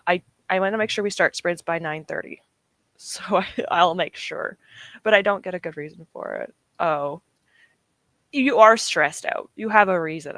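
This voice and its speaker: A woman's voice: on the low side, vocal fry, a bit bright, dry recording. Chatty woman hosting a livestream. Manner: chatty, self-deprecating, reads and answers chat. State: emotional, near tears; sore throat. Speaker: livestream host. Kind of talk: casual livestream chat.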